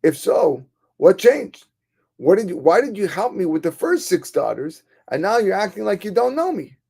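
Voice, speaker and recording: A man voicing a poor, anxious Torah scholar who pleads in an excitable, strained voice. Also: fairly high pitch, normal speed, gravelly, pitched above the performer's own voice. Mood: alarmed.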